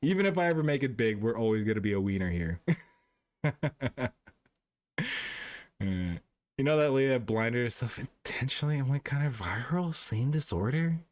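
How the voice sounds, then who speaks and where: A man's voice: medium pitch, lively intonation, normal speed, darkish tone. A young man from Canada, a streamer chatting casually with his live chat, rambling, swearing freely and laughing often.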